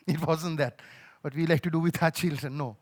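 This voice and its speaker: With a Sri Lankan accent and a slightly high, steady voice, a male pastor preaches at a moderate pace. He relates a personal story with feeling, swinging between loud pleading and quiet softness.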